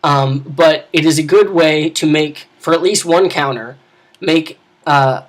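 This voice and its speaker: A man's voice: a little high, measured pace. A man talking casually as a game master about running tabletop games, rambling with many restarts and asides.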